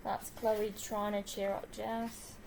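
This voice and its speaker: A woman chatting casually about books she has read and reading their back-cover blurbs aloud, with lots of "like" fillers and soft asides. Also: mid-range voice, little pitch movement, slow, gravelly, noisy background. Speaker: book vlogger.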